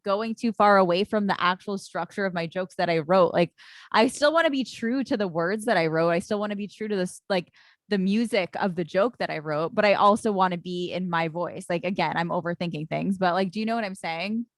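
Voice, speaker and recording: A woman comedian hosts a casual chat, musing aloud and circling back as she works through her thoughts. Her voice is mid-pitched and sounds dry and close to the mic. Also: a little fast, no echo. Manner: thinks aloud, hesitant, many restarts. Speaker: comedian, podcast host.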